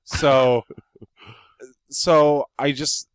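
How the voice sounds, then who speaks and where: A man's voice: medium pitch, steady tone, drawn-out words, clear, resonant tone, dry recording. A man co-hosting a podcast in casual chat, blunt, swearing casually and telling stories. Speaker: podcast co-host.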